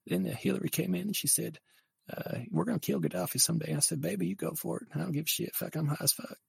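A man's voice: fairly high pitch, fast, gravelly, slightly rough, no room sound, pitched above the performer's own voice, full character voice. A man doing a drawling sleazy old politician. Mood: boastful, sleazy. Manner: drawling, profane, rambling confessions. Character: drawling aging male politician, crude, high, boastful.

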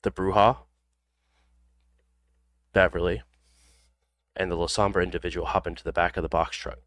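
A man narrating a tabletop role-playing game as game master, in a loose, relaxed delivery full of ums and pauses. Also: low-pitched. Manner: loose, filler-heavy narration with frequent ums.

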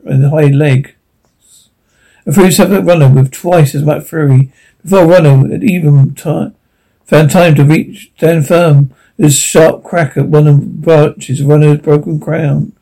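A man's voice: fairly high pitch, dark tone, poor audio. A man reading a classic animal story aloud as narration, unpolished with frequent restarts. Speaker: audiobook reader.

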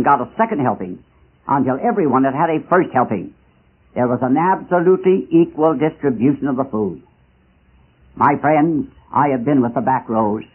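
A man preaching a missionary sermon, impassioned and dramatic, with rising rhetorical questions and slow emphatic pauses. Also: medium pitch, breathy edge. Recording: tinny lo-fi archival recording.

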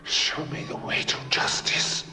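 An actor playing a bitter, vengeful cursed man in a film drama who hisses in whispers and then shouts his demands. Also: measured pace, soft background music. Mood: pleading whisper. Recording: echoey hall with film score.

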